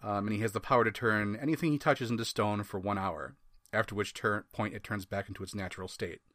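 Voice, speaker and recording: Wisconsin guy hosting a comics podcast, lowish voice, dry sound, wry and rambly. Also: quick pace, a bit bright, no room sound. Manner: wry, laughs often, rambling asides. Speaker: podcast host. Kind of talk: casual comic book review.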